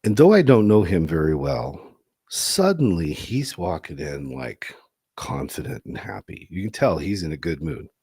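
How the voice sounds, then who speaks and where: A low, husky male voice, deep in register yet swinging widely in pitch as he tells a story. He talks conversationally as a podcast host and couples therapist, and the room is dry and close. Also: moderate pace, no room sound. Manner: animated, laughing easily.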